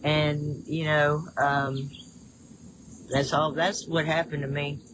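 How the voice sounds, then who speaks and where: An older woman with a Southern drawl hosts a casual livestream from her home in the woods, chatting about her day and reading viewer comments. She rambles, restarts sentences often and laughs easily. Her low voice has little pitch movement and a slow pace, with background noise audible.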